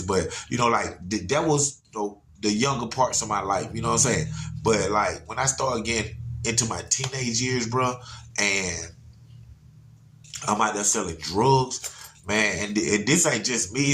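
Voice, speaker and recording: A man's voice: medium pitch, fairly bright tone. A man telling a personal story to viewers in a casual, slangy way, repeating words and laughing now and then.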